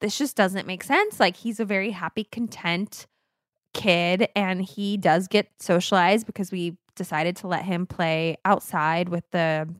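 A woman's voice: lowish voice, unhurried, no room sound, clean studio sound. A woman in her thirties co-hosting a podcast in casual chat, candid and rambling, often correcting herself mid-sentence. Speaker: podcast co-host.

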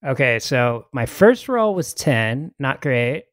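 A man playing a tabletop game, boisterous and laughing, breaking into shouty in-character outbursts. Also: medium pitch, big pitch swings, slow, no echo, clean studio sound. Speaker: player.

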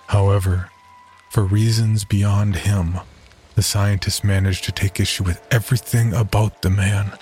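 A man giving scripted narration of a horror story in a measured, even way. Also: low-pitched. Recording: narration over loud music.

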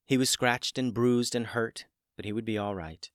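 A man narrating a children's story in a gentle, plain way. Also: mid-range voice, normal speed, smooth, no room sound, studio quality.

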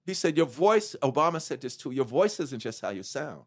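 A middle-aged man, a rapper as interview guest, telling his story candidly with profanity, restarts and acted-out quotes of other people. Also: on the high side. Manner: animated, profane, acts out quoted dialogue; halting restarts and self-corrections.

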